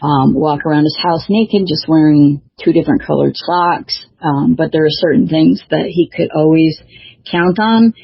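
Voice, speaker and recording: A woman's voice: deep voice, moderate pace, gravelly, husky, no echo. A woman author and show host chatting casually, talking hesitantly with many fillers and restarts. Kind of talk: casual chat. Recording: dull lo-fi dry recording.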